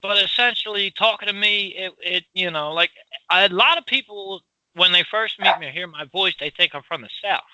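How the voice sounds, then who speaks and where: A man from Philadelphia with a Philly accent, co-hosting a casual chat, loud and rambling with frequent laughs. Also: sits high, normal speed, no echo, low-quality recording. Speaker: podcast co-host.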